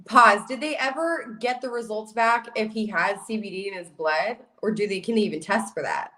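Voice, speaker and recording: A woman's voice: mid-range voice, sharp tone. A woman hosting a casual interview, asking follow-up questions and reacting briefly. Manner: responsive, quick back-channel remarks.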